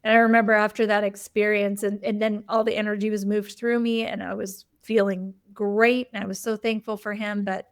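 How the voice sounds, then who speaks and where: A woman's voice: medium pitch, little pitch movement, fairly quick, few pauses, smooth, no echo, clean studio sound. A woman hosting a conversation, telling a candid personal story in a loose, open way with frequent "like" and "you know" fillers. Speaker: host.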